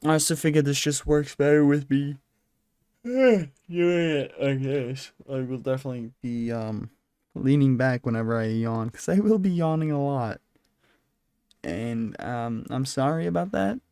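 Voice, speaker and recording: A tired man talks alone on his podcast, rambling and apologizing as he goes. He holds the mic close, and the sound is dry with no room around it. His pitch sits at an ordinary middle level. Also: normal speed, mellow, clean tone, dry recording. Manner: rambling, self-deprecating, apologetic. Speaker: podcast host. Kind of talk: casual solo podcast chat. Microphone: handheld microphone at a desk.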